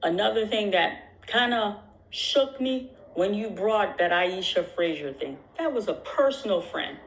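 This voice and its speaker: A woman's voice: medium pitch, lively intonation, a little slow, reverberant, poor audio. A woman talking straight to her viewers in casual commentary, emphatic and repetitive, with frequent restarts. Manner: emphatic, repeats phrases, many restarts. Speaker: YouTube commentator. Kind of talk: casual talk to the camera.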